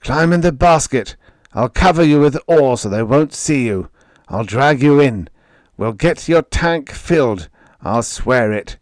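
A man's voice: mid-range voice, expressive, dry recording, pitched above the performer's own voice, natural voice. A man voicing an urgent male miner helping a friend in an audiobook. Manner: urgent, hurried. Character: urgent young male miner ally, whispering help.

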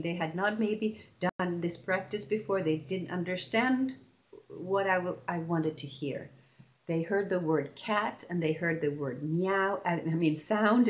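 A woman leading a lesson for teachers, explaining patiently and stretching example words out slowly. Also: fairly low pitch, muffled recording. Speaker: teacher trainer.

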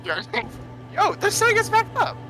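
A man's voice: very high voice, huge pitch swings, moderate pace, music in the background. A young man in a roleplay game, teasing and jeering at other players over voice chat.

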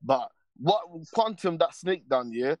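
A man's voice: on the high side, sing-song, a little slow, darkish tone, no echo. A man ranting casually on a stream panel, rambling and full of street slang and repeated tags. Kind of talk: casual heated rant.

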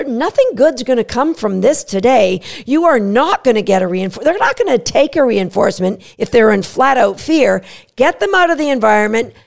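A woman hosting a podcast on dog training, talking energetically and acting out the dog's voice in quick asides. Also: high-pitched, creaky. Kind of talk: solo podcast teaching.

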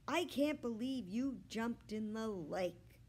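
A woman voicing an eager young girl in a storybook, calling out in a high, bright voice. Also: animated, slow pace, exaggerated voice.

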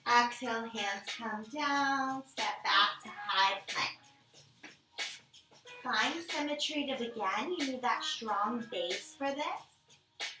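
A woman leading a power yoga class, giving calm, encouraging step-by-step cues. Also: fairly high pitch, slow. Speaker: yoga instructor. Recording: echoey room, mic at a distance, music behind.

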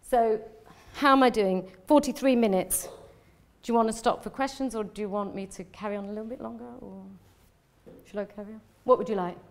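A woman's voice: fairly high pitch, steady tone, a little fast. Chatty, rambling woman giving a talk. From London, England. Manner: rambling, chatty, self-interrupting with frequent restarts; emotionally open, laughs often. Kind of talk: live lecture presenting slides.

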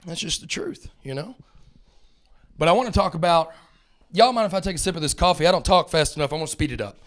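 A man's voice: fairly high pitch, expressive, fairly bright tone. A man in his thirties from North Alabama with a Southern drawl, rambling through a self-mocking stand-up set. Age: 30s. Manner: drawling, rambling, self-mocking storyteller who puts on quick character voices. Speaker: stand-up comedian.

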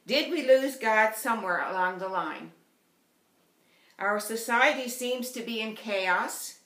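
Woman lay preacher, Newfoundland accent, steady earnest sermon, echoey church sound. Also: fairly high pitch, slow. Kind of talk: sermon with storytelling. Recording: roomy church echo.

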